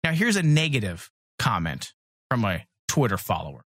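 A man's voice: fairly low pitch, sing-song, moderate pace, a bit bright, no room sound. A man hosting a comics podcast, talking in blunt, profane, rambling casual chat. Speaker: podcast host.

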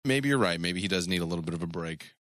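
A man's voice: low-pitched, expressive, quick pace, fairly bright tone. A young man co-hosting a podcast, teasing and sarcastic. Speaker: podcast co-host. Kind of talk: casual podcast banter.

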